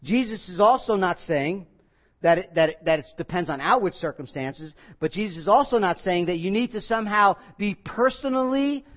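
A man's voice: sits high, expressive, normal speed, highs cut off. A man preaching a sermon as pastor, earnest and emphatic, voice rising and dropping.

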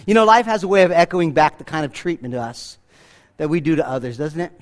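A man's voice: on the high side, expressive, quick pace. A man preaching a sermon as pastor, earnest and conversational, with emphatic asides to the congregation. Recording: reverb from a large hall.

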